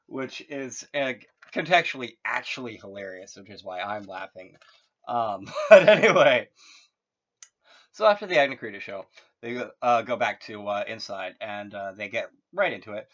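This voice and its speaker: Here a man with a medium-pitched, animated voice takes his time, his tone fairly bright, as he loosely retells a story with frequent fillers and restarts and chuckles at his own humor. The sound is muffled and lo-fi.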